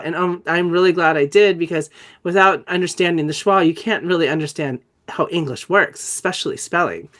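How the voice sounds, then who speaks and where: A woman who has a cold, giving an enthusiastic, conversational online teaching presentation and spelling out letters as she explains. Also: on the low side. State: has a cold, coughing and clearing throat. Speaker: dyslexia trainer presenting a webinar.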